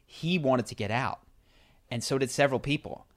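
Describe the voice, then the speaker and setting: A man with a middle-pitched voice telling a story in relaxed conversation. He talks animatedly, stumbling and restarting as he goes, with plenty of fillers. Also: normal speed. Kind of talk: casual storytelling chat.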